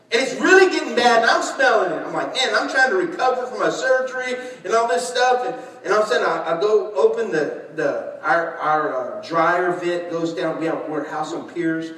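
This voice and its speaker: A man preaching a sermon, telling stories animatedly, shouting and laughing as he acts out conversations. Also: high-pitched, animated, brisk, hardly any pauses. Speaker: pastor. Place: large church hall. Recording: echoey church hall, distant mic.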